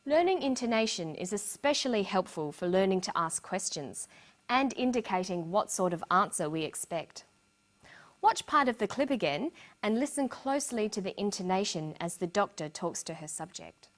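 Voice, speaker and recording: A woman narrating a scripted English lesson with slow, clear explanations. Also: medium pitch, animated. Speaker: English teacher.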